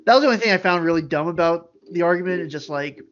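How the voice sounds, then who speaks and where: Man, podcast co-host, casual chat, rambling, high-pitched, muffled lo-fi sound. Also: rapid-fire, slight background noise. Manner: rambling, animated, many fillers. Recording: dull lo-fi audio.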